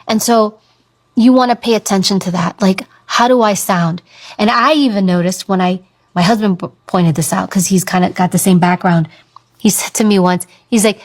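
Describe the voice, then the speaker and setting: A woman in her thirties giving an earnest motivational talk about owning your voice, slowing down to stress her points. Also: mid-range voice, steady tone. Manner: earnest, coaching, stretches words for emphasis. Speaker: speaker on confidence and voice.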